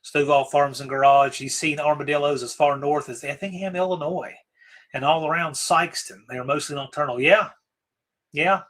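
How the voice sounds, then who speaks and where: A man from Virginia hosts a casual livestream, musing over viewer comments in a relaxed, rambling way and often trailing off before starting again. His voice sits a little high and has a bright, forward edge. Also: moderate pace, low-quality recording. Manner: rambling and easygoing, trailing off and restarting. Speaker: livestream host. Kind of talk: casual live-stream chat, answering viewer comments.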